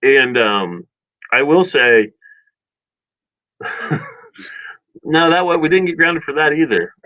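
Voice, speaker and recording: A man's voice: on the high side, lively intonation, slow pace, no room sound, highs cut off. A man co-hosting a radio show, telling a long rambling childhood story in casual chat and acting out family quotes. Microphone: studio microphone.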